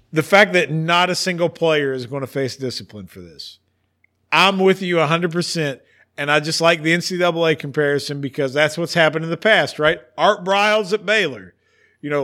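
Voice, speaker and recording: Male sports podcast host, animated and theatrical, bright, slightly high voice. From West Virginia. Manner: animated, ranting, theatrical emphasis. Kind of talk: casual sports talk.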